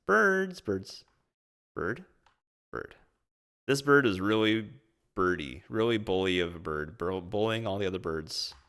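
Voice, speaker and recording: A man's voice: fairly low pitch, a bit bright. A man giving casual, playful commentary over his trip photos and clips, amused and chatty, drawing out silly asides. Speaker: vlogger recapping a trip. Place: indoors at home streaming.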